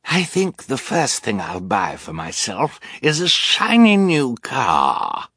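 A man's voice: mid-range voice, wildly swooping pitch, slow, fairly bright tone, slightly rough, no echo, studio quality, voice pushed up, heavily acted. A male audiobook narrator voicing a boastful, scheming villainous man who growls and sneers. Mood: sneering. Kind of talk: audiobook character voice.

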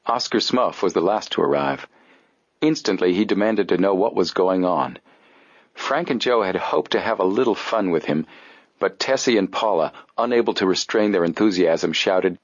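A man reading an audiobook in steady, even scripted narration. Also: deep voice, moderate pace, no room sound. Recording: dull dry studio audio.

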